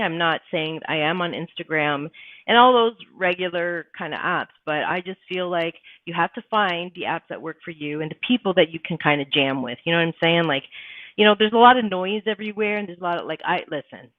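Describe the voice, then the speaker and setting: A woman's voice: on the low side, no room sound. Blunt, profane woman on a tinny stream. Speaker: livestream host. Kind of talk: casual live-stream chat. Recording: tinny phone-like sound, dry.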